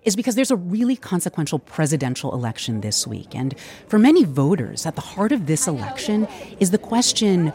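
A woman radio news host narrating a report and interviewing people, in a lively, conversational way. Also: on the low side, fairly quick.

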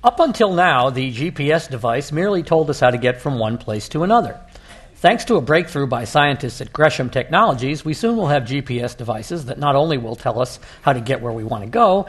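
A man reading a comic story on a radio panel in a dry, measured way. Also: mid-range voice.

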